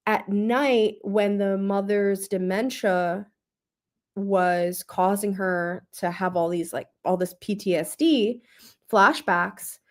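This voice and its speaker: A young woman hosting a book club, talking casually and emotionally about a novel, with many fillers and pauses to think. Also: mid-range voice, fairly even intonation. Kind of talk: casual book review livestream.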